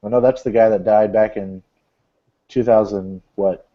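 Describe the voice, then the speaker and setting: A man's voice: fairly low pitch, steady tone, moderate pace. Male podcast host, casual rambling news chat, muffled lo-fi sound. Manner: rambling, joking, many fillers. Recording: dull lo-fi podcast audio.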